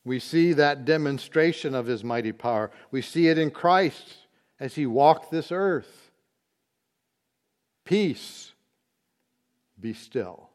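A man teaching a Bible study, explaining word meanings slowly and deliberately, with occasional fillers. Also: on the high side.

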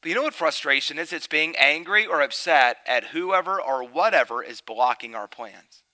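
A middle-aged man preaching a sermon. He tells a family story, then turns loud and emphatic. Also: on the high side, expressive, moderate pace, rough recording.

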